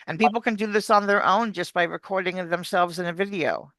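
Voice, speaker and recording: American lady coach, bright tense voice, super dry sound, acts out the sounds she explains. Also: on the low side, brisk, no echo. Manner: animated, demonstrates sounds while explaining. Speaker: accent coach. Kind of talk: explaining on a video call interview.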